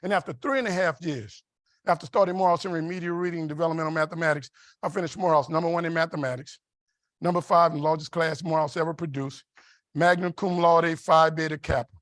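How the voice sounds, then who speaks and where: A man from New Orleans with a New Orleans accent, giving a motivational keynote speech in an animated, rhythmic way with repeated phrases. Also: a little high, fast talker, no room sound, clean studio sound. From New Orleans, USA. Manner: animated, rhythmic and repetitive, with laughs. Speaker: keynote speaker. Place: conference dinner hall.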